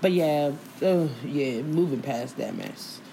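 A young woman hosting a casual podcast, telling animated, profane stories and laughing through them. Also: deep voice, takes it slowly, gravelly, very noisy. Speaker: podcast host. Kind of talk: casual storytelling chat.

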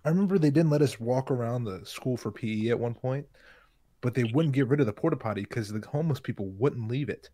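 A man's voice: medium pitch, fast, warm tone, no echo. A man who is a guest on a podcast, telling a story in a laid-back, rambling way. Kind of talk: casual podcast chat.

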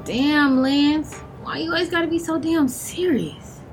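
A woman playing a sassy, outspoken young adult with a drawling, expressive delivery. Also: a little slow, faint music behind. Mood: playful. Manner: sassy and outspoken, swinging between drawl and high exclamations.

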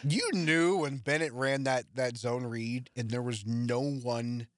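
A man co-hosting a podcast, talking sports in a casual, animated way and mocking himself as he acts out what people said. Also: medium pitch, slow, dry recording, studio quality. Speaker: podcast co-host.

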